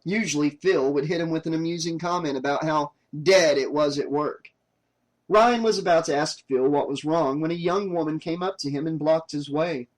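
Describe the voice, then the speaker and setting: A man narrating an audiobook in a steady, even reading voice. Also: fairly high pitch, moderate pace, low-quality recording. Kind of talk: scripted narration.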